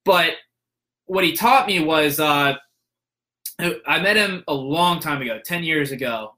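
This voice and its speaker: A man's voice: on the high side, unhurried, bright, forceful tone. A young man telling a story in a casual monologue, rambling with fillers and restarts and acting out the people he quotes.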